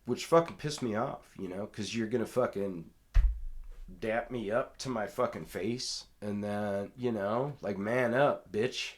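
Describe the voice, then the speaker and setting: A man hosting a podcast, telling rambling, profane stories in casual talk and loudly acting out what others said. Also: lowish voice, unhurried. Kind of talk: casual storytelling.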